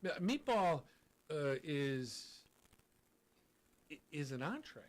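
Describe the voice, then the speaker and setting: A man's voice: on the high side, very animated, slow. Middle-aged man explaining food firmly. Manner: explains firmly with many restarts and "right?". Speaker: chef guest. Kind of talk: casual radio interview.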